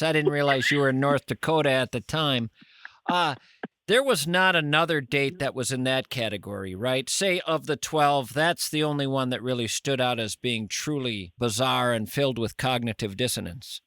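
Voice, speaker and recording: Bright, dry-voiced wry male host. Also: mid-range voice, moderate pace, dry recording. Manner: wry, teasing, mock-outraged asides. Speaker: podcast host. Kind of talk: casual interview chat.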